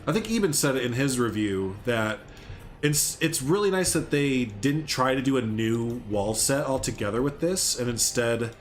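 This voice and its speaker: A young man rambling casually on a live game stream, chatting with viewers as he builds. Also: medium pitch. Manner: rambling, chatty, reads and answers chat.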